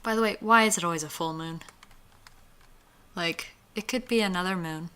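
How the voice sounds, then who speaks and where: A woman's voice: lowish voice, moderate pace, pushed and bright, clear, resonant tone. A woman streaming a game, making wry, joking comments. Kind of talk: casual gameplay commentary.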